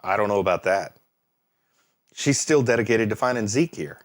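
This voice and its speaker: Lively, expressive man reacting to anime. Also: fairly low pitch, moderate pace. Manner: animated, exclaims and laughs at the screen; muses aloud, thinking things through. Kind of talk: casual reaction commentary.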